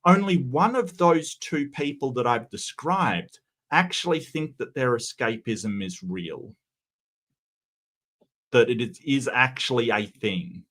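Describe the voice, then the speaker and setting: An Australian man hosting a casual livestream commentary, easygoing and halting, often stammering and repeating words. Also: medium pitch, a bit bright. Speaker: commentary host.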